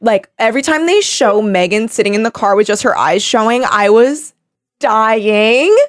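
A woman hosting a podcast in a casual chat, animated and laughing often as she acts out quotes. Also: fairly high pitch, normal speed, no echo, studio quality. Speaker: podcast host.

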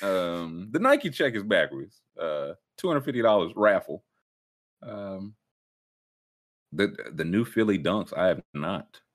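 A man chatting casually as a podcast co-host, animated and laughing often. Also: deep voice, slow. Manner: animated, laughs a lot, slips into voices. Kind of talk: casual chat.

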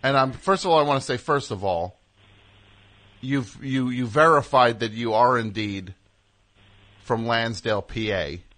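A man's voice: medium pitch, fairly bright tone. A man hosting a call-in radio show, talkative and jokey, riffing with a caller. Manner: talkative, jokey, riffs and does quick voices. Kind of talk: casual call-in chat.

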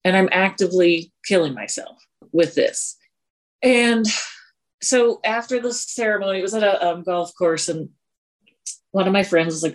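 A woman's voice: mid-range voice, moderate pace. A woman in her forties from Colorado, speaking earnestly and confessionally as a podcast guest. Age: 40s. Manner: earnest and confessional, with sighs and self-deprecating laughs. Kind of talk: candid personal interview.

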